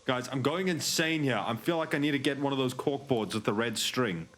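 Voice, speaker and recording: A man's voice: medium pitch, a little fast, a bit bright. A man streaming a game, joking and irreverent, swearing freely as he comments. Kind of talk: casual let's-play commentary.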